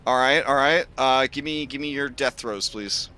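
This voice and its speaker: Male game master, bright and rambling, with plenty of fillers while he narrates. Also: medium pitch, moderate pace, clean tone. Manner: rambling, full of fillers and restarts.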